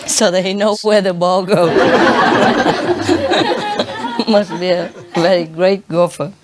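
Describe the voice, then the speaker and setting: A woman preacher telling jokes to her congregation, often laughing at her own punchlines. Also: mid-range voice. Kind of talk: humorous talk to a congregation. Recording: noisy recording.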